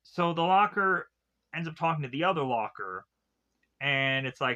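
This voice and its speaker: A man's voice: a little high, animated, moderate pace, pushed and bright. A man recapping a cartoon episode in a casual, rambling way, full of filler words. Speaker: cartoon reviewer.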